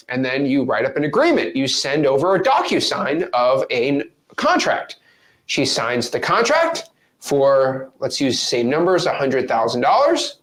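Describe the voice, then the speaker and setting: Animated man teaching in a roomy echo. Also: mid-range voice, a little slow. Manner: animated, acts out phone calls in different voices. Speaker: real estate educator. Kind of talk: energetic teaching talk.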